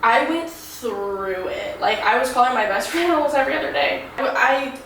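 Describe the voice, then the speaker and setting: A woman's voice: high voice, animated, moderate pace, a bit bright, far from the mic, a little hiss or hum. Woman, twenties, casual vlog chat, rambling and candid, quite echoey, a little off mic. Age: 20s. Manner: candid, rambling with frequent "like" fillers. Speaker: vlogger. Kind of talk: casual chat while getting ready.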